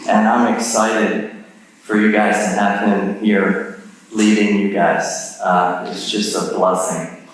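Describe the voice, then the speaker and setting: A man's voice: fairly low pitch, flat delivery, slow pace, far from the mic. Chatty man lecturing in a reverberant hall. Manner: friendly, self-deprecating, chatty. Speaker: guest lecturer, neuropsychologist. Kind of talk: conversational lecture. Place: large church sanctuary. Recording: echoey hall, mic heard from afar.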